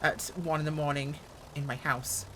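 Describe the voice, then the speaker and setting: A woman with a deep, low voice talks through her flight sim session at home in a loose, chatty way. She jokes and pokes fun at her own mistakes as she goes. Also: little pitch movement, normal speed, a bit bright, slight background noise. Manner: chatty, joking, self-mocking. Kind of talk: casual gameplay commentary.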